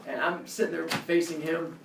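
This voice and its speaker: Man in his own voice, casual storyteller who acts out quotes; slightly high, recorded off-mic in a reverberant room. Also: fairly even intonation, normal speed, gravelly, distant mic, noisy background. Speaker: coach.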